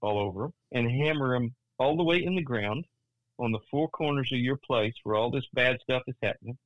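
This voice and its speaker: A man's voice: mid-range voice, a little fast, no room sound, highs cut off. Older man telling a story earnestly. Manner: animated, many restarts, voice rising in tense moments. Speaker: guest, Christian author.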